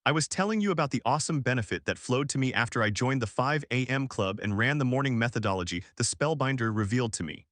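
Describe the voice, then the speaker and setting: A man voicing a calm, assured rich mentor. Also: mid-range voice, fast talker, hardly any pauses, dry recording, studio quality, lightly acted. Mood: enthusiastic. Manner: assured, emphatic, motivational. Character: calm, confident wealthy older male mentor.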